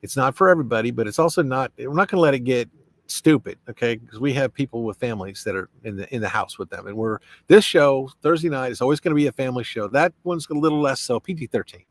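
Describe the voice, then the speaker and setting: A man's voice: medium pitch, lively intonation, fast talker, few pauses. A man hosting a casual live stream, rambling in a friendly way as he reads viewer comments aloud and answers them. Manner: friendly, many fillers and restarts.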